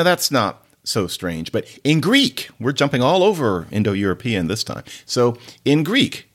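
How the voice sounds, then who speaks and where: A man hosting a podcast about languages. He explains word origins in a chatty, playful way and often wanders into side stories. His voice sits at a middle pitch but moves up and down a lot. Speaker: podcast host, linguist. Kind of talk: casual explanatory podcast talk.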